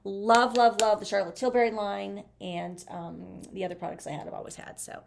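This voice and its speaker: A woman's voice: medium pitch, flat delivery, moderate pace, gravelly, a little hiss or hum. A woman chatting casually through a makeup review, gushing as she applies products. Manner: chatty, gushing, talks while applying makeup. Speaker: beauty vlogger.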